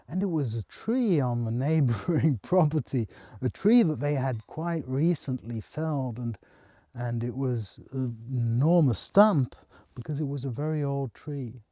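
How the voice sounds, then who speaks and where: A man recounts a personal spiritual experience in a soft, halting and earnest way. His voice is very mellow and dark, and he takes his time. The sound is close and dry. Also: medium pitch, animated, dry recording. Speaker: storyteller.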